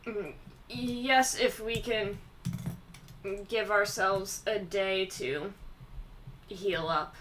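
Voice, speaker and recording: A woman voicing a polite male adventurer leader in a tabletop game, speaking in a courteous, measured way. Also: mid-range voice, fairly even intonation, fairly bright tone, slight background noise, rough recording.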